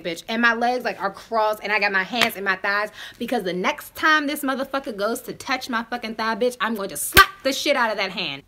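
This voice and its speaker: A young woman in her twenties telling a storytime straight to her viewers, animated and profane. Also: mid-range voice. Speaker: vlogger. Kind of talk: casual storytime.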